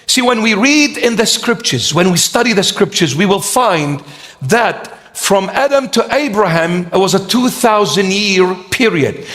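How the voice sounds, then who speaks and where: Guy preaching real slow n dramatic, kinda high voice, big echoey church. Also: a bit bright. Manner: slow, dramatic preaching that acts out scripture quotes. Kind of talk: sermon. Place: church before a congregation. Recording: long church hall reverb.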